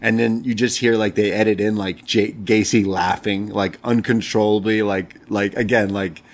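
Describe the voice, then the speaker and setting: A man's voice: fairly low pitch, steady tone, moderate pace. A young man co-hosting a review show in casual chat, talking loosely, retelling scenes and laughing often. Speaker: podcast co-host.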